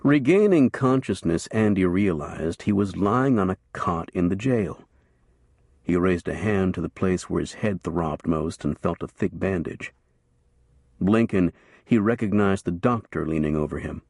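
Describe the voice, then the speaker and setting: A man narrating a western novel as an audiobook in a steady, measured storytelling voice. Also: deep voice, no room sound, studio quality.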